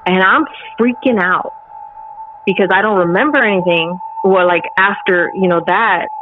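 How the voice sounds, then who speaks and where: A woman's voice: lowish voice, a little hiss or hum. A middle-aged woman, a podcast guest, telling a personal story casually and animatedly with lots of filler words. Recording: phone-like call audio with faint music.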